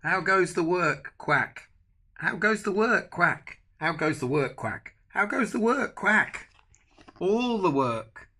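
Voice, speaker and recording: A man's voice: sits high, lively intonation, takes it slowly, sharp tone, pitched above the performer's own voice, heavily acted. An older man voicing a lazy old male farmer calling out from bed in a picture book.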